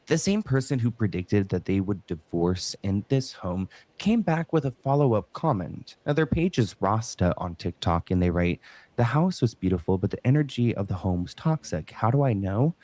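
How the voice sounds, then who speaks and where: A man's voice: on the low side, sing-song, normal speed, warm tone, dry recording. A man hosting a talk stream, reading news and online comments aloud with hedging asides. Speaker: podcast host.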